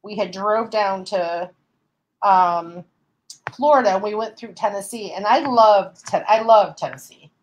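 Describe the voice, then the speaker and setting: A woman's voice: medium pitch, a little slow, lo-fi sound, a little hiss or hum. A woman hosting a casual craft livestream, bubbly and laughing often as she explains each step. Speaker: craft show host.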